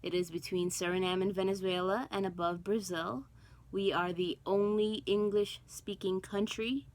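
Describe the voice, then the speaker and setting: A woman's voice: lowish voice, poor audio. Chatty woman vlogger, rambling casually. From born in Guyana, raised in Brooklyn, New York. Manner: chatty, rambling with many ums and self-talk. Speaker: cross stitch vlogger. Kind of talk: casual chat to camera.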